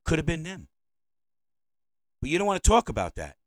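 A man's voice: fairly high pitch, huge pitch swings, moderate pace, dry recording, low-quality recording. A man, hosting a podcast as an opinionated monologue. He rambles, repeats himself and says provocative things. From United States. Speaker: podcast host. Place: indoors, seated at home.

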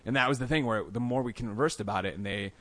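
Fast-talking man telling stories in a dry studio. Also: medium pitch, no echo. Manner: animated, acts out quoted lines in a raised voice. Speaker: podcast guest. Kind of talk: casual storytelling interview. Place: podcast studio.

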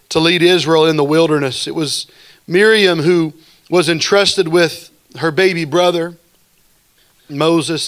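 A man's voice: fairly high pitch, a bit bright. A man leading a church congregation in fervent prayer and preaching, repeating words of praise. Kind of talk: sermon and worship prayer. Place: church service.

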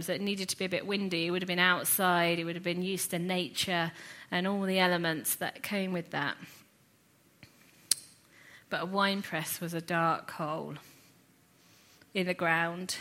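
A woman teaching a sermon series, retelling a scripture story in an earnest, reflective way with lively asides. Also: on the low side. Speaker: Bible teacher.

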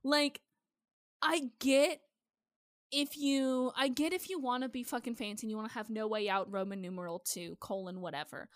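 A woman's voice: a little high, no echo, studio quality. A woman with a Midwestern accent, co-hosting a casual chat show and ranting passionately with plenty of swearing. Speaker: podcast co-host.

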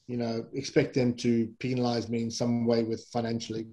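A middle-aged man from England with a warm, mellow voice spins loose, rambling stories as an interview guest. He wanders through fillers and self-corrections in an easygoing, conversational way. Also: medium pitch, fairly even intonation, brisk, few pauses, poor audio. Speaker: guest, former rugby player. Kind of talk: casual anecdotal storytelling.

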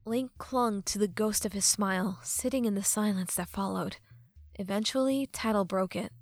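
A woman narrating a fantasy audiobook in a measured, expressive storytelling manner. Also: mid-range voice, no echo. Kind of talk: scripted narration. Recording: dry close mic with faint music.

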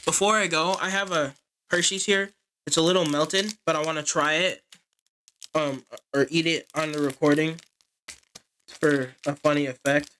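A man's voice: on the high side, steady tone, normal speed, sharp tone, slight background noise. A man giving casual, rambling gameplay commentary and talking to his viewers. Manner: rambling, easygoing, talks to viewers. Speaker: gaming video creator.

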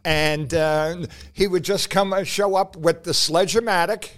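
A man's voice: high-pitched, steady tone, unhurried, fairly bright tone. A man co-hosting a podcast, chatting casually and hesitantly with lots of fillers. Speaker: podcast co-host. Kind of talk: casual chat.

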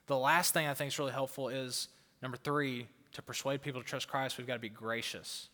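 A man's voice: medium pitch, steady tone, fairly quick, bright, forceful tone. A male pastor preaching a fired-up sermon to a crowd in a church auditorium, often repeating words for emphasis. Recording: long hall reverb.

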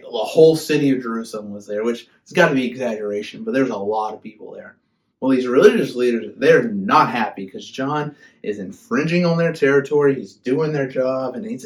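A young man giving a casual, humorous sermon as a youth pastor, chatty and animated. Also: mid-range voice.

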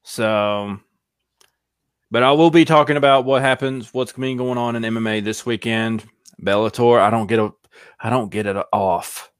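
A man's voice: mid-range voice, steady tone, moderate pace, clear, resonant tone, no room sound, clean studio sound. A man co-hosting a casual podcast, talking in an easygoing way and chuckling often. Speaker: podcast co-host and show producer.

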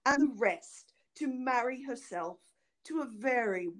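A woman narrating an old fairy tale in an expressive, dramatic reading. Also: on the high side, a little slow. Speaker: reader. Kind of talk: storybook narration.

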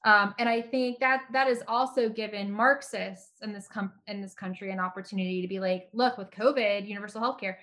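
A woman from the United States in casual political conversation, talking fast and getting animated and exasperated. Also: mid-range voice. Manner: animated, rises sharply when exasperated.

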